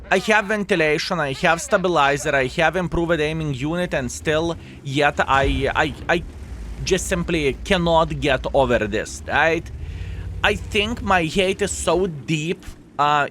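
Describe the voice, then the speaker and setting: A man's voice: a little high, sharp tone, slight background noise. A man giving live commentary over his own gameplay, chatty and frank, often turning to viewers with tag questions, his English phrasing plainly non-native.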